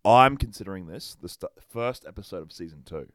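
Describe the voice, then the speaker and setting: A man's voice: low-pitched, lively intonation, a little fast, a bit bright, no echo. An Australian man co-hosting a podcast, chatting casually, rambling, swearing freely and laughing often. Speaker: podcast co-host. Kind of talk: casual chat.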